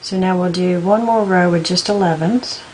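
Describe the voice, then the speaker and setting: A woman giving a patient step-by-step beading tutorial, counting out beads slowly as she works. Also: fairly low pitch, darkish tone, slight background noise, poor audio. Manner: patient, counts beads aloud in slow steps. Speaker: beading instructor.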